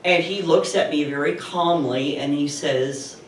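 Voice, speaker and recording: A middle-aged woman telling a personal story live to an audience, chatty and animated. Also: sits low, a little slow. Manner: animated, chatty retelling with laughs. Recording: roomy, distant mic with faint noise.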